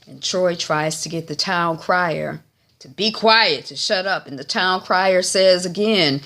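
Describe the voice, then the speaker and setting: A woman recapping a TV episode for her vlog in a chatty, animated way, with frequent fillers. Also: on the low side, a little slow. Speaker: TV recap vlogger.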